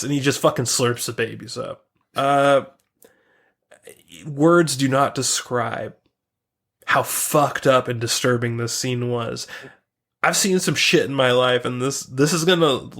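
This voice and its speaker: A podcast co-host with a medium-pitched, slightly bright voice retells a cartoon episode in casual chat, rambling with many fillers and swearing freely.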